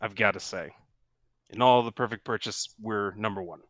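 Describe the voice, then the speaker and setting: A man's voice: lowish voice, moderate pace, fairly bright tone, no room sound, close to an everyday voice. A man voicing a chatty, friendly male ghoul who runs an apothecary, talking casually with lots of fillers.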